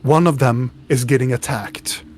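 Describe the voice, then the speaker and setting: A man's voice: medium pitch, moderate pace, a little mellow, a little hiss or hum. A man narrating a tabletop game as game master, describing scenes with frequent restarts.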